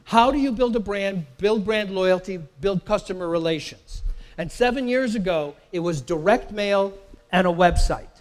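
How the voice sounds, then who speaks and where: High-voiced man teaching a marketing workshop. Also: normal speed. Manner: emphatic, quizzes the audience with questions; repeats words and restarts while talking. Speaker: workshop presenter. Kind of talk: live marketing workshop lecture. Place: live event in a company facility.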